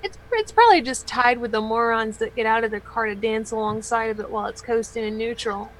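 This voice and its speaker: A woman's voice: a little high, fairly quick, slight background noise, low-quality recording. A woman in a casual group chat, sardonic and swearing.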